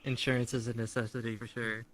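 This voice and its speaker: A man's voice: mid-range voice, level tone, fast talker, a bit bright, rough recording. A man co-hosting a podcast, telling casual anecdotes and laughing a lot. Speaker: podcast co-host. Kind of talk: casual chat, storytelling.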